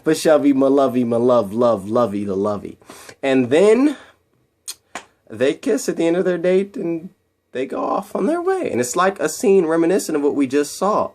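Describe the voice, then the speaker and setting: A man's voice: medium pitch, darkish tone. Rambling man recapping a movie. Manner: rambling and repetitive, acting out quotes in raised voices. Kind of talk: casual scene-by-scene movie retelling.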